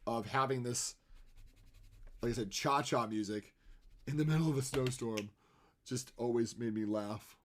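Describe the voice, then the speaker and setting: A man's voice: mid-range voice, a little slow, pauses often, slight background noise. A man livestreaming his artwork, talking in a rambling, casual way and laughing often. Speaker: livestreaming artist. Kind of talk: casual chat while drawing on a live stream.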